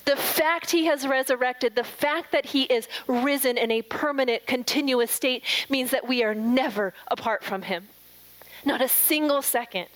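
A middle-aged woman preaching an earnest, emphatic sermon, slowing and softening her voice on scripture quotes. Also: high-pitched, low-quality recording.

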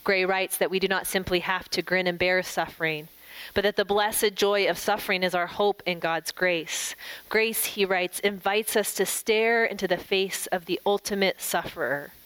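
Middle-aged woman giving a devotional, gentle and reflective, voice not high or low. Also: fairly even intonation, normal speed, clear, resonant tone, no echo, poor audio. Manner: gentle and reflective, livelier while telling a story. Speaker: devotional speaker. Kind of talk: devotional talk with story and prayer.

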